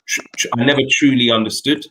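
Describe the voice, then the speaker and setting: Earnest young man, low voice. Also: steady tone, pushed and bright, slight background noise, low-quality recording. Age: young adult. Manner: earnest, reflective, with frequent pauses and restarts. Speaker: host. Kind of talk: candid personal storytelling in a talk show.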